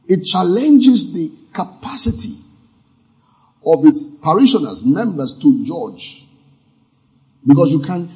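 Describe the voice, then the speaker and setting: A man's voice: on the high side, mellow. A man preaching a sermon as pastor, emphatic, with asides and acted-out sound effects. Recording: muffled lo-fi sermon audio.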